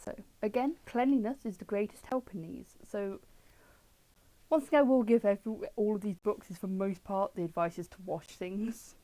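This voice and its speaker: British woman streamer at home; mellow tone, chatty and digressive, quips back at chat. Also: mid-range voice, normal speed, low-quality recording. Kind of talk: casual livestream chat reviewing old books. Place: at home with her dog.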